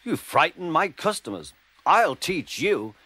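A man voicing a cross, fussy male barber who speaks slowly and huffily in a storybook reading. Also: medium pitch, very animated, sharp tone, slight background noise. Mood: indignant.

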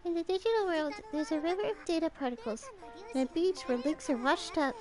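A woman's voice: extremely high pitch, lively intonation, a little fast, music in the background. A young woman streaming a game, reading its dialogue aloud in different voices and adding casual comments of her own. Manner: reads dialogue in several voices between casual asides.

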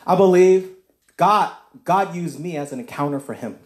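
A man telling a personal faith testimony as casual talk, acting out both sides of a conversation with lively shifts of voice. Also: high-pitched, moderate pace, roomy sound. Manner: acts out dialogue with shifting voices. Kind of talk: animated storytelling testimony.

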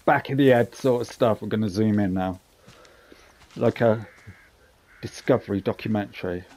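A man's voice: fairly low pitch, moderate pace, darkish tone. A man hosting casual gameplay commentary, chatty and jokey with rambling asides. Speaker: gaming channel host.

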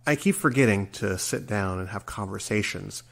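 In a lowish, gravelly voice with a fairly bright tone, this podcast host in his forties speaks at a moderate pace. His reflective solo monologue is earnest and wandering, with occasional stumbles over his words.

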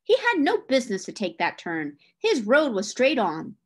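A woman reading the lines of a rough, hot-tempered builder who talks back angrily. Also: medium pitch, animated, unhurried. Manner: rough, angry. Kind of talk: reading a novel aloud.

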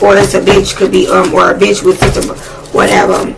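A woman giving a casual tarot reading, blunt and excitable, swearing freely as she talks to spirit. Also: on the low side, fairly quick, gravelly, heavy background noise. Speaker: tarot reader.

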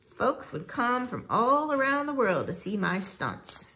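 A woman's voice: on the high side, sing-song, measured pace, sharp tone, voice pushed up, full character voice. A woman voicing a cheerful, folksy male tow truck in a storybook reading, eager and boastful.

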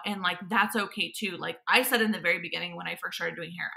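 A woman's voice: lowish voice, fairly even intonation, quick pace, gravelly, few pauses, sharp tone. A woman, a salon owner chatting casually in a goofy, rambling, giggly way. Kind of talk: casual chat.

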